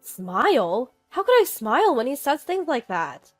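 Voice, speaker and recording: Young mom, hurt and shaken a woman doing her, quiet weak voice, slow, faint music. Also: sits high, sing-song, no room sound, pitched above the performer's own voice, full character voice.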